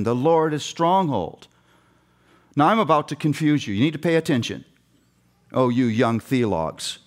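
A middle-aged man preaching a passionate sermon with emphatic repetition, addressing seminary students. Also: on the high side. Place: seminary chapel.

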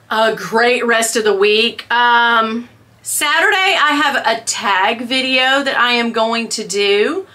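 A woman chatting casually to camera as a vlogger, self-mocking and quick to laugh. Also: on the high side, bright, forceful tone.

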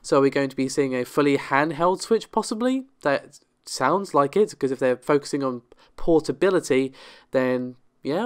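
A man's voice: mid-range voice, clean tone. A man hosting a tech news show in a chatty way, talking straight to viewers, his voice slightly nasal from a cold. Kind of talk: casual tech news commentary.

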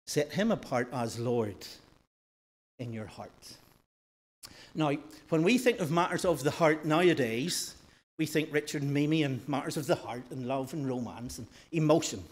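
A man preaching a sermon in a church, rising loud for emphasis and dropping soft and slow. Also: mid-range voice. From northern Ireland.

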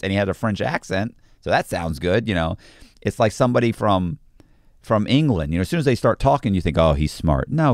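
A man's voice: mid-range voice, darkish tone, dry recording, clean studio sound. A man talking as a podcast guest, telling stories in a casual, rambling way with lots of restarts and fillers. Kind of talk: casual storytelling.

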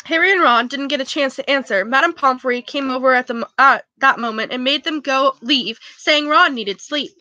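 A woman's voice: sits high, moderate pace, hardly any pauses, bright, forceful tone, no echo. A woman casually reading a novel aloud for a book club, often stumbling over words and correcting herself. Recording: dull, dry lo-fi recording.

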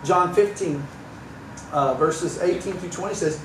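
A man's voice: high voice, unhurried, a little hiss or hum. A pastor preaching a sermon in a conversational way, with wry asides and voices for the people he quotes. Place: church sanctuary. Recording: roomy church sound from a distance, faint ambience.

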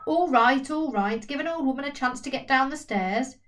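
A woman's voice: sits high, normal speed, a bit bright, recorded from a distance, pitched above the performer's own voice. Woman voicing a grumpy, curt old woman. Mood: grumbling. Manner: curt, bossy. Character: grumpy very old woman who never smiles.

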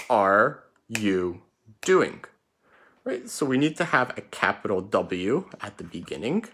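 A male teacher leading an online spelling class, with a bright, clear voice. He speaks slowly and spells each letter out deliberately. His pitch rises and falls a lot, in a lively classroom way. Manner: slow, drawn-out letter-by-letter dictation.

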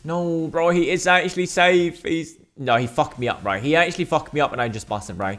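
A man doing excitable gameplay commentary as a gaming video host, swearing often and calling viewers bro and mate. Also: fairly high pitch, a little fast, few pauses, faint music behind. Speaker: gaming YouTuber.

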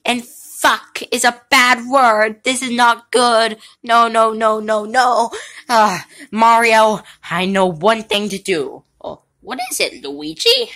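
A woman's voice: fairly high pitch, slow, fairly bright tone. A woman voicing Luigi, an earnest worried plumber. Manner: earnest, plainly explaining.

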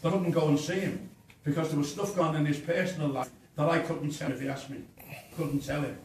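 Older guy telling his story blunt and fired up, far from the mic in a boomy pub room. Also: steady tone, brisk, a little mellow, heavy reverb, a little hiss or hum. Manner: impassioned, blunt, acts out dialogue. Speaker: speaker at a campaign meeting. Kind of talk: personal storytelling to an audience. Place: inn function room. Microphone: camera in the audience.

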